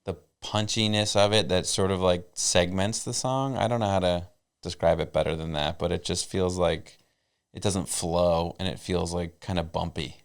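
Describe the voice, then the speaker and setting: A man co-hosting a comedy podcast, giving his take in dry, teasing, unhurried casual chat. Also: low-pitched, steady tone, gravelly, smooth. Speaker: podcast co-host.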